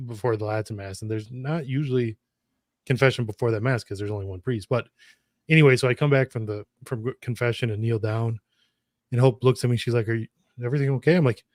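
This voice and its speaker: A man's voice: medium pitch, steady tone, brisk, a little mellow, no room sound, studio quality. A man co-hosting a podcast, telling wry stories in casual chat. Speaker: podcast co-host.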